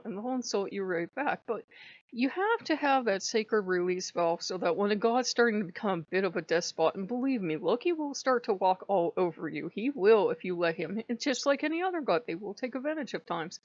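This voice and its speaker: A woman's voice: medium pitch, no echo, muffled recording. A woman hosting a spiritual channel, talking in a casual, irreverent monologue and acting out the things people say. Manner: irreverent, chatty, acts out quoted speech. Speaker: host of a pagan spirituality channel.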